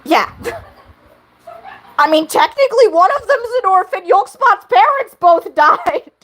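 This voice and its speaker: A woman's voice: very high voice, animated, measured pace, fairly bright tone. A woman streamer chatting casually with her viewers, giggly and rambling, with frequent fillers. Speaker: livestream host. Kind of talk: casual livestream chat.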